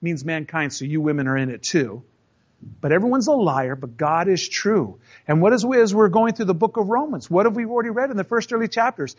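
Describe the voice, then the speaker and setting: A man with a high-pitched voice preaches a sermon in an easy, conversational manner. He tells stories, acts out the voices in them and speaks straight to his listeners. The recording sounds dull and lo-fi. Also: expressive, a little fast, slightly rough. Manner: storytelling, acts out voices in anecdotes; conversational, addresses the congregation directly. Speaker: pastor.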